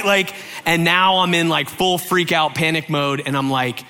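A man's voice: a little high, normal speed. A man from Georgia in the US telling a humorous personal anecdote, acting out the voices of the people in it and often adding "right?". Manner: animated, acts out quoted voices, frequent "right?" asides. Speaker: storyteller.

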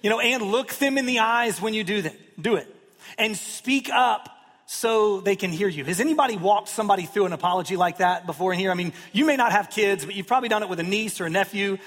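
A man's voice: high voice, fairly quick, a bit bright. A pastor in his thirties preaching a sermon in a conversational way, with self-deprecating humor and quotes he acts out. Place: church sanctuary. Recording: long hall reverb.

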